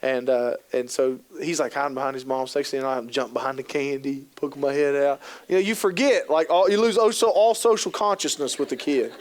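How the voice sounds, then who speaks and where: A man's voice: medium pitch, brisk, hardly any pauses. A man in his thirties giving a humorous talk to an audience, telling stories and acting out quoted voices between casual fillers. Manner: jokey, acts out quoted voices, lots of fillers. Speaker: keynote speaker on youth work. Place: conference hall.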